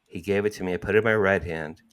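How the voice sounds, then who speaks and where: A man, telling a personal story as an interview guest, acting out quotes with sudden jumps in pitch. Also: fairly even intonation, fast, a bit bright, clear, resonant tone.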